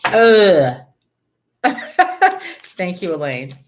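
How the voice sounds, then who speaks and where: A woman's voice: on the low side, huge pitch swings, extremely slow, slight background noise. A woman tarot reader on a live stream, chatting casually with viewers, greeting them by name and laughing often.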